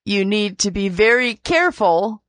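A woman's voice: medium pitch, expressive, a bit bright, dry recording. A woman hosting an interview, asking thoughtful questions. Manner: slow, thoughtful questions with fillers. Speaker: interview host. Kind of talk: conversational interview.

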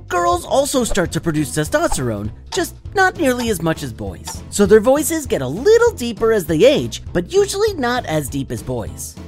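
A woman's voice: a little high, huge pitch swings, moderate pace, hardly any pauses, a little mellow, faint music behind. A woman hosting a children's educational show, giving an upbeat, playful scripted explanation. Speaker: host of a kids' explainer show.

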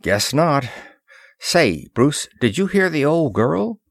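A man voicing a wisecracking, easygoing young male space flyer in an audiobook, with quick, jokey, slangy talk. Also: on the high side, very animated, creaky, no room sound, clean studio sound, voice pushed up, full character voice. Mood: joking. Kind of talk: audiobook character voice.

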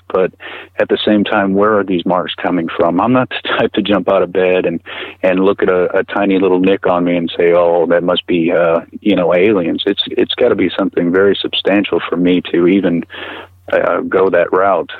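A middle-aged man recounting a personal experience as an interview guest, halting and earnest, often repeating words as he talks. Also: low voice, slightly rough, no room sound, narrow, tinny audio. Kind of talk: personal account in conversation.

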